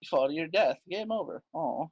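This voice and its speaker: A man playing a tabletop game, his voice sitting a little high and leaping up and down as he gets worked up. He swears often and argues his case in excited bursts, recorded dry and close. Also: fairly quick, no echo, dull audio. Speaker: player.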